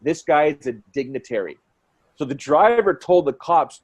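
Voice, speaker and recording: Guy in his 40s, fight commentator, telling a story all worked up, voice sits a bit high. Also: husky, muffled recording. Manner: excitable, quick storyteller who acts out quotes. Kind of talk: animated storytelling in conversation.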